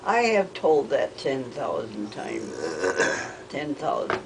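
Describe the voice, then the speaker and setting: Older woman, halting and rambling. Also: very deep voice, sing-song, creaky, slight background noise, rough recording. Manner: hesitant, halting, with many restarts. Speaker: interviewee. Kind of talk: rambling family storytelling.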